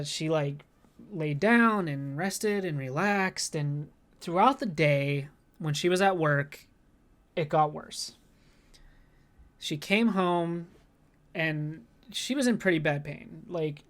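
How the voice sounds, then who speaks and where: A man's voice: on the high side, a bit bright. Rambling, profane podcast storyteller man. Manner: rambling, profane, heavy use of "like"; anxious, worked-up retelling. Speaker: podcast co-host. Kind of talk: casual storytelling.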